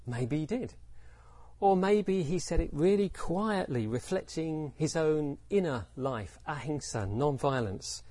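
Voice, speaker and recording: Casting: male Buddhist teacher, husky, dry close sound, reflective storyteller. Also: a little high, expressive, unhurried, warm tone, no room sound. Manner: reflective, poses rhetorical questions, acts out quotes. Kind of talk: Dharma talk with storytelling.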